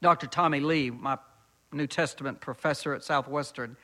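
Delivering a sermon, this man reads scripture in a slow, deliberate way, growing louder and higher whenever he's moved.

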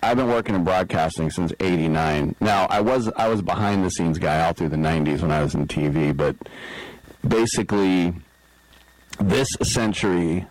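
A man's voice: deep voice, moderate pace, darkish tone, no room sound, rough recording. A middle-aged man hosting a sports talk radio show, telling a rambling, self-deprecating story and acting out the people in it. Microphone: studio microphone.

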